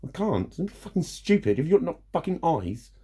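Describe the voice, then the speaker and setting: A man's voice: a little high, very animated, moderate pace, dark tone, husky. A man venting bluntly in a casual vlog, swearing freely and laughing between points. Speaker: vlogger. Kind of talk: casual rant to camera.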